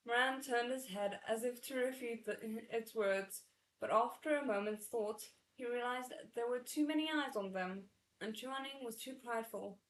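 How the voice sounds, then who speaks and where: Woman, readalong narration, excitable chatty asides, fairly high voice, echoey room. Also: normal speed, a little hiss or hum. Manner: excitable, breaks off to react and comment. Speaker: host reading a novel aloud.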